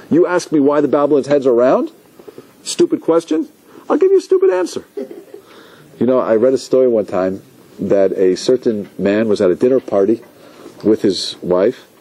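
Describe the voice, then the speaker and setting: A rabbi teaching a class, telling stories with lively acted-out quotes and asking his listeners questions. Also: medium pitch, husky, rough recording. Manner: animated storytelling, asks the audience questions, acts out quotes. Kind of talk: lecture to a class.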